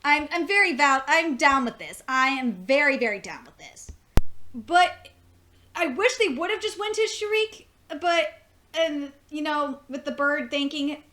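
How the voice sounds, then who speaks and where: High bright gushing young woman. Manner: gushing, swears a lot, restarts often. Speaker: anime reviewer. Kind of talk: excited casual review.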